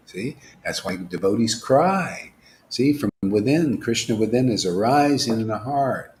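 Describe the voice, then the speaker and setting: Animated man preaching devotional talk. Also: fairly low pitch, unhurried, a little hiss or hum. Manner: animated preaching, swings from whispers to loud exclamations. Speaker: spiritual teacher.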